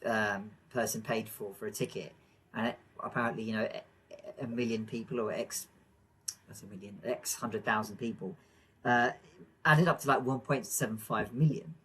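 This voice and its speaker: A man co-hosting a podcast in casual chat, rambling with fillers and quick to laugh. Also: lowish voice, fairly bright tone, slightly rough, rough recording. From England. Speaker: podcast co-host.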